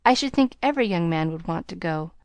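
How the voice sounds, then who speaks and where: A woman reading the lines of a shy, sincere young woman in an audiobook, soft-spoken and timid. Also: lowish voice, animated, quick pace, no room sound, clean studio sound.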